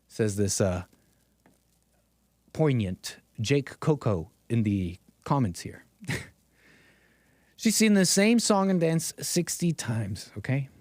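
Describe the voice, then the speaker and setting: A man's voice: a little high, dry recording, clean studio sound. A man hosting a political commentary livestream, talking sarcastically to his chat and chuckling often. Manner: talks straight to chat. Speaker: livestream host.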